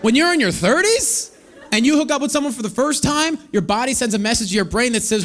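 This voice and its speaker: A man in his thirties doing a stand-up comedy set on stage, telling stories with animated delivery and acting out other people's voices. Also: extremely high pitch, moderate pace, slight background noise. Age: 30s. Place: comedy stage before a live audience.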